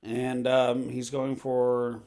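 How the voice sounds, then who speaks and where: A man's voice: mid-range voice, completely flat delivery, drawn-out words, a little mellow. A man talking straight to camera in a meandering monologue, full of fillers and asides. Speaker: vlogger. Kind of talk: rambling monologue.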